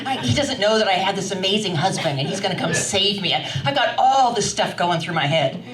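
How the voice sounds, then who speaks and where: A woman's voice: medium pitch, brisk, slight background noise. Older woman telling a story, roomy and distant. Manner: animated, chatty, laughing often. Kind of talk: live storytelling to an audience. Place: wine bar, live event. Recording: roomy sound from a distant mic.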